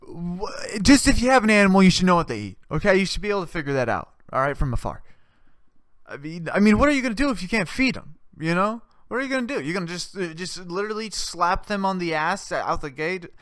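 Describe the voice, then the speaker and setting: High-voiced man ranting sarcastically. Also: lively intonation, quick pace, fairly bright tone, no room sound, studio quality. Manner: profane, rambling, sarcastic. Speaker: podcast host. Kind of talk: casual comedic rant.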